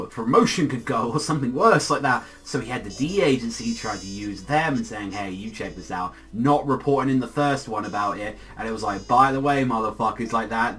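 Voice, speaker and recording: Excitable, profane man reviewing anime. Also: medium pitch. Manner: excitable, profane, heavy use of filler "like". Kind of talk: casual rambling review.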